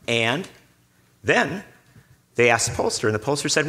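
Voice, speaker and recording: A man's voice: a little high, big pitch swings, moderate pace, bright, forceful tone. A man speaking on a conference panel, telling a story with a sarcastic edge. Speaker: panelist reporter.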